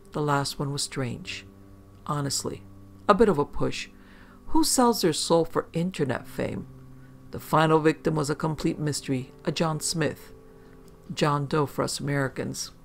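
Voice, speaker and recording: A man's voice: fairly high pitch, vocal fry. A man narrating a first-person horror story in a wry, conversational way, with profane asides.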